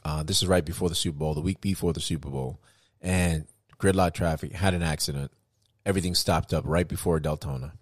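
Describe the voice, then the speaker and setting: A man co-hosting a casual podcast, telling a driving story with animated acted-out quotes and casual swearing. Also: extremely low pitch, fairly quick, few pauses, no room sound, studio quality. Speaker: podcast co-host.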